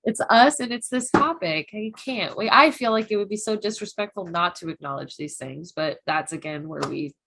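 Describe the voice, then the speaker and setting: A woman's voice: medium pitch, moderate pace, gravelly, hardly any pauses, background noise. A young woman talks through an episode with her co-host, fired up and cursing freely. She laughs often as she talks, and her voice sits in a middle range for a woman. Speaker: reaction show co-host. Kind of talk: casual discussion.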